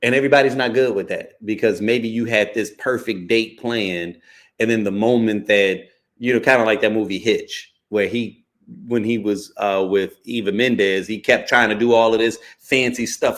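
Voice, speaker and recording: A man's voice: fairly low pitch, fairly bright tone. A man hosting a podcast, talking frankly and casually, with lots of slang and cursing, often checking in with "you know" and "right?". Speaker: podcast host.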